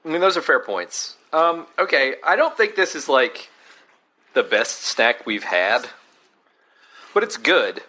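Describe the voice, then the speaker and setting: A man's voice: mid-range voice, big pitch swings, measured pace, long pauses, bright, forceful tone. A man co-hosting a casual snack-tasting chat, dry and wry as he picks the snack apart. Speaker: podcast co-host.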